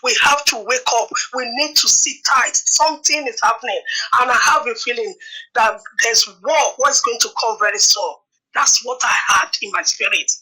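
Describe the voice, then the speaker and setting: Lady calling in, urgent and pleading, high pitched voice. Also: moderate pace, pushed and bright, slightly rough, poor audio. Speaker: call-in caller. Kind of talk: call-in comment.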